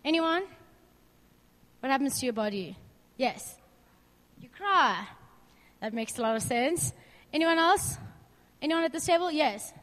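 A woman's voice: high voice, lively intonation, a little slow, long pauses, fairly bright tone, big-room sound. A young woman giving an informal faith talk to a group, chatty and candid, asking the room questions and sharing personal stories. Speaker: youth speaker.

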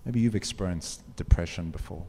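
Brief: man, motivational speaker, earnest and direct, low and mellow, echoing hall. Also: fairly quick, breathy edge. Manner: earnest, direct, asks the audience questions. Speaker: speaker addressing students. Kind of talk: motivational talk. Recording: long hall reverb.

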